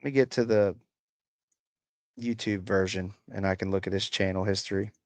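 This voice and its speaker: A man's voice: deep voice, fairly even intonation, moderate pace, no echo. A man hosting a live stream, chatting casually and mocking commenters in a profane, rambling way. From United States. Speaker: livestream host. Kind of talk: casual livestream chat reacting to comments. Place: rural home.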